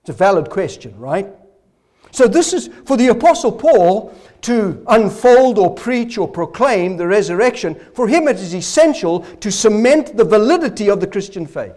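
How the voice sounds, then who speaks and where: Hoarse preacher with a lively, high voice. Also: male voice, normal speed. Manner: expository preaching with rhetorical questions, coughing. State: hoarse, voice failing. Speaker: pastor. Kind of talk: sermon.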